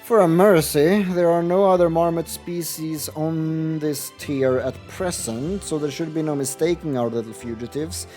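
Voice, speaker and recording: A man's voice: on the high side, moderate pace, hardly any pauses, darkish tone, faint music behind, close to an everyday voice. A man reading as a curt young hunter. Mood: dry. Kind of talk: reading game dialogue aloud.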